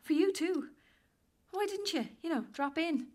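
An actress playing a flustered wife caught keeping a secret in a radio drama, defensive and pleading. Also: female voice, very high voice, animated, measured pace, darkish tone. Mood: puzzled.

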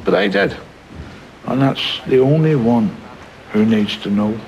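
A man's voice: medium pitch, sing-song, measured pace, creaky, a little mellow, a little hiss or hum, rough recording. An actor playing an older grandfather in a film scene, tender and reassuring with a dry sense of humour. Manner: tender, reassuring, dryly humorous. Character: warm older grandfather, gentle and wry. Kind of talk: film drama acting.

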